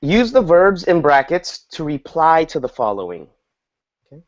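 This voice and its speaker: A man teaching an English lesson to a small group, explaining slowly and patiently and acting out example dialogues. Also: a little high, very animated. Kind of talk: online group language lesson. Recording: dull lo-fi audio.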